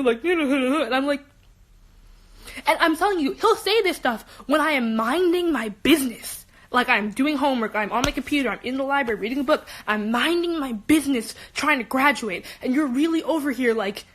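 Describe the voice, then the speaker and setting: Animated high-voiced teen girl. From Los Angeles. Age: teens. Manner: animated, rapid, many restarts. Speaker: high school student. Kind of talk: emotional personal rant.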